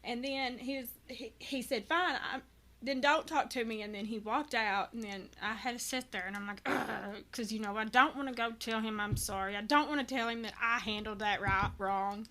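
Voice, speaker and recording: Bright earnest mother talking openly. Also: fairly high pitch, moderate pace, hardly any pauses. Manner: earnest, rambling, many restarts. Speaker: guest. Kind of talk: candid personal conversation.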